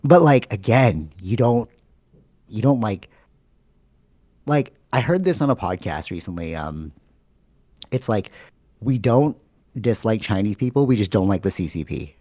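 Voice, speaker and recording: A man with a low, mellow voice and a Canadian accent, chatting casually on a podcast. He tells his stories with animated energy and fills them with "like" and "you know." The sound is dry, as if close to the mic. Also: measured pace, pauses often, no echo. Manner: animated storytelling, many fillers. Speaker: podcast host. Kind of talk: casual chat.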